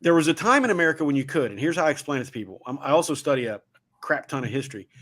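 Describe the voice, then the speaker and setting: A man's voice: on the high side, lively intonation, rapid-fire, fairly bright tone. A man with a Southern Ohio accent, hosting a casual livestream talk and telling rambling, folksy stories. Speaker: show host.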